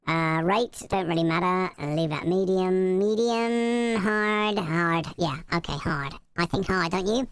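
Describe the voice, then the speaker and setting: A man talking through a hard-tuned effect that pitches his voice up high, chatting as he explains settings. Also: a little slow, few pauses, fairly bright tone, clear, resonant tone, no room sound. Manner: chatty, thinking aloud. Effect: pitch-shifted up into a high, auto-tuned voice.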